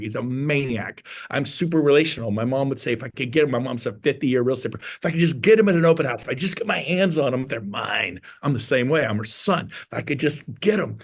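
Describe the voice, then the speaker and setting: A man in his fifties from California, a real estate agent on a webinar panel, giving an excitable motivational pitch. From California, USA.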